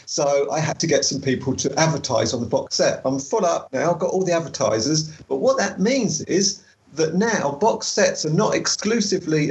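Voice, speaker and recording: A man chatting casually as a podcast co-host, animated and quick to laugh. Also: a little high. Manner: chatty, animated, laughs easily, slows down for a careful read-aloud. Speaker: podcast co-host and travel author.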